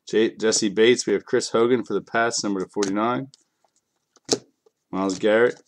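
A man's voice: lowish voice, steady tone, a little slow, a little hiss or hum. A man with kids, a bit sick, hosting a live card break in a casual, joking way and talking to viewers by name. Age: adult, has kids. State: a bit sick, clearing throat.

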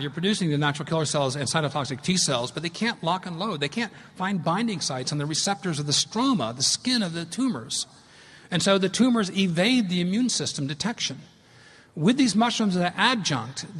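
A man in his fifties giving an animated, emphatic public science lecture in a large hall. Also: on the high side. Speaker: lecturer on fungi. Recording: long reverb of a lecture hall.

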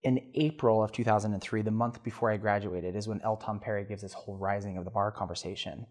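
A man's voice: fairly low pitch, quick pace. Earnest man telling his story. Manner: earnest, animated storytelling with restarts. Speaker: podcast guest. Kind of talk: personal storytelling interview.

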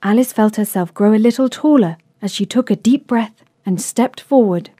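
A woman narrating a children's story in a calm, clear, measured way. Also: a little high, no room sound, clean studio sound.

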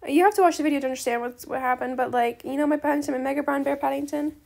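A woman with a high, creaky voice chats loosely as she plays a game. She rambles from thought to thought, tosses in slang like bestie and slay, and apologizes and gushes freely. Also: fairly even intonation, racing, a little mellow. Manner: apologetic, gushing reactions to other players. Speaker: gaming video creator. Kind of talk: casual chat while playing a game.

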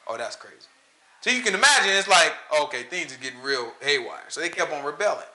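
A man preaching a casual, conversational sermon, animated and talking straight to his listeners. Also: fairly high pitch, fast. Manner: animated, talks straight to listeners, often asks "you know what I'm saying?". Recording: roomy echo.

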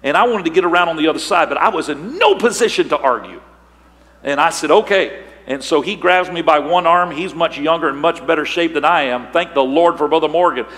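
An older male pastor preaching a sermon, telling a story and building to shouted emphasis. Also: a little high, fairly quick. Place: large church sanctuary. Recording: long hall reverb.

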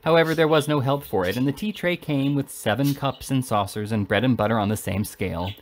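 A man reading a classic novel aloud in an expressive, animated way. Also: mid-range voice, a little fast. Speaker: reader.

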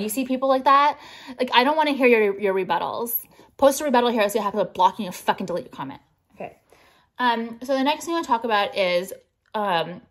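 A woman vlogger vents to her viewers in a combative, profanity-laced rant. Her voice sits fairly high, and she leans on "like" throughout. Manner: profane, combative, heavy filler "like". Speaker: jewelry brand owner and vlogger.

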